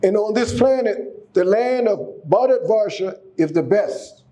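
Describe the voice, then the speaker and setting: A man's voice: high-pitched, lively intonation, unhurried, dark tone. A man giving a casual sermon, exhorting the congregation, often repeating and restarting his words. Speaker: speaker giving a class.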